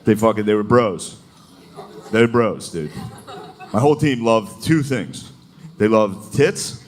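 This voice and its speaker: A man's voice: lowish voice, takes it slowly. Crude, laughing stand-up comedian man. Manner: crude, profane, laughing storytelling. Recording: noisy live recording.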